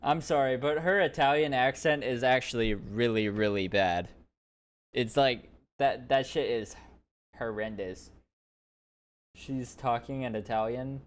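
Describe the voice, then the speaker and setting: A man's voice: mid-range voice, a little slow. A man streaming reactions to videos, commenting bluntly and jokingly and swearing freely.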